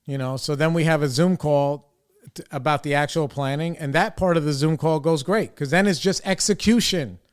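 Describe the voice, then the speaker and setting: Man telling a heated story, smooth voice. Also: fairly high pitch, moderate pace. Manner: animated, profane, quotes others in his own voice. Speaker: podcast host. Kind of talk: casual storytelling.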